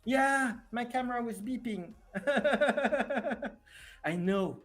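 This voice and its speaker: A man's voice: very high voice, extremely slow, fairly bright tone, soft background music. A man with a French accent chatting casually on a live stream, hesitant and self-deprecating.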